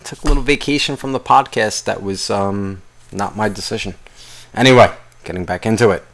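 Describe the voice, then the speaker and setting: A man's voice: lowish voice, a little fast, creaky, a bit bright, a little hiss or hum. A man hosting his own podcast alone, ranting angrily in a rambling, profanity-heavy way. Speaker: podcast host. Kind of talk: solo podcast rant.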